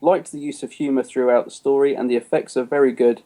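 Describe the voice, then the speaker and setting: A man's voice: mid-range voice, fairly even intonation, quick pace, mellow. A man co-hosting a podcast in casual chat, rambling a little and laughing often. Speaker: podcast co-host.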